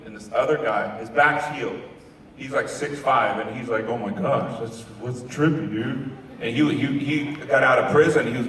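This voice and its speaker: Heard from far off in an echoey hall with slight background noise, a medium-pitched man, a touring musician and evangelist, tells stories in an interview. He's an animated storyteller who acts out the people he quotes.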